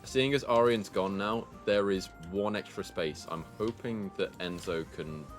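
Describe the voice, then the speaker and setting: A man hosting a game tournament with friends, commentating excitedly and laughing often. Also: fairly low pitch, a little slow, faint music behind. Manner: animated, laughs often, shouts at big plays.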